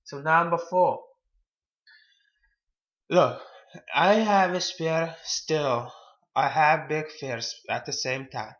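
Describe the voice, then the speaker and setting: Male self-help presenter, slightly high voice, halting and repetitive delivery, dull lo-fi audio. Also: a bit bright. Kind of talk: casual advice talk.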